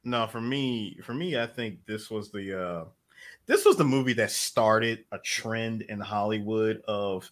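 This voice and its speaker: A man co-hosting a podcast in casual chat, lively and quick to disagree. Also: lowish voice. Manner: argumentative, lively. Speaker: podcast co-host.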